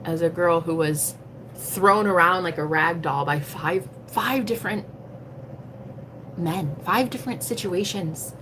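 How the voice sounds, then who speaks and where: A woman's voice: fairly low pitch, unhurried, background noise. A woman talking casually on a livestream as a tarot reader, blunt and emphatic, swearing freely and preaching self-empowerment. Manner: preachy, motivational.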